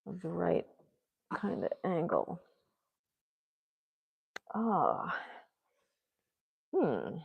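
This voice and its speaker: Low, gravelly woman thinking aloud. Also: huge pitch swings, very slow, pauses often, big-room sound, phone-quality sound. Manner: muttering to herself, musing and self-encouraging. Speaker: artist vlogger. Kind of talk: thinking aloud while painting.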